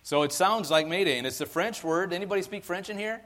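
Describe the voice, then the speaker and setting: A man's voice: high-pitched, fast, a bit bright, big-room sound. A man giving a sermon as pastor, in a conversational, casual way with ums and restarts. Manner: conversational preaching with fillers and restarts.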